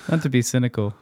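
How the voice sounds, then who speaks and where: A man's voice: high voice, fairly bright tone, husky, no room sound. A man co-hosting a podcast, adding wry, brief remarks in a casual film chat. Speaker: podcast co-host.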